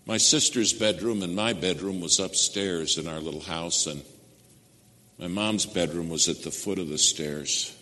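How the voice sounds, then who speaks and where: Older preacher guy, low voice but bright edge, big echoey church hall, goes loud then drops to a whisper. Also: unhurried. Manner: swings between loud emphasis and hushed near-whispers. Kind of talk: sermon with storytelling. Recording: long hall reverb.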